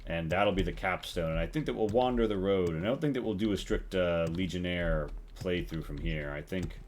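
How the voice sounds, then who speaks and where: A man's voice: low voice, fairly quick, darkish tone, a little hiss or hum. A man casually commenting while he plays a role-playing game live, joking and swearing, with mock-formal asides. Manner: jokey, swears, slips into mock-formal lines.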